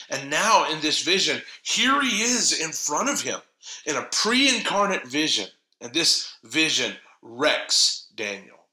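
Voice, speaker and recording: A man delivers an earnest, emphatic sermon in a very bright, slightly high voice. The sound carries a roomy echo around him. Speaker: preacher.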